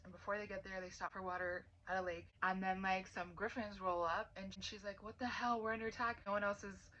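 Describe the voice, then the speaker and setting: A woman giving a casual, chatty book recap, leaning heavily on "like" and quoting characters in quick asides. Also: fairly low pitch, bright, forceful tone. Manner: chatty, filler-heavy with lots of "like"; quotes characters in lightly acted asides. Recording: dull lo-fi sound with faint noise.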